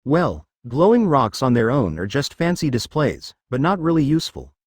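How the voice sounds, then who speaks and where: Brief: cheerful newborn slime girl, innocently blunt, lively pitch, read by a man in his own voice. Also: normal speed, no room sound, studio quality. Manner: matter-of-fact, innocently blunt. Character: cheerful naive infant female slime. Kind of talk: fan fiction reading.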